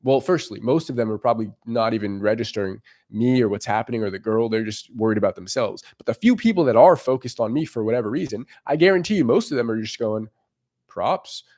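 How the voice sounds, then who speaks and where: A man's voice: mid-range voice, expressive, fast, few pauses, darkish tone. A man giving dating advice in a casual, emphatic monologue. He swears freely, keeps checking in with "right?", and acts out what strangers might be thinking. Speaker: dating coach.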